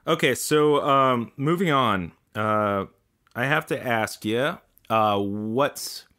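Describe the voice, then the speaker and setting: A man's voice: mid-range voice, slow pace, pushed and bright. A man co-hosting a casual horror podcast, talking loosely with many "like" and "um" fillers. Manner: loose, hesitant, leans on "like" and "um". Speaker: podcast co-host.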